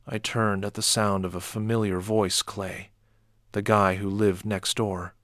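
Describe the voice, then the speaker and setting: A man narrating a first-person horror story in a measured, dark way. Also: fairly low pitch, little pitch movement, no echo, studio quality.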